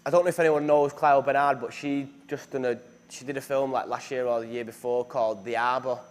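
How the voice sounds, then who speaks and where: A man's voice: medium pitch, fairly even intonation, fairly quick. A young man, chatting casually in an interview, full of fillers and restarts. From northern England. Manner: chatty, self-deprecating, many fillers and restarts. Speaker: actor being interviewed.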